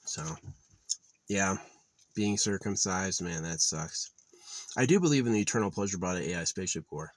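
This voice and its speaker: A man's voice: sits low, expressive, moderate pace, pauses often, no echo. A man talking straight to the camera in a casual, rambling vlog, profane and easily heated. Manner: profane, rambling, gets loud and heated when ranting. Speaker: vlogger.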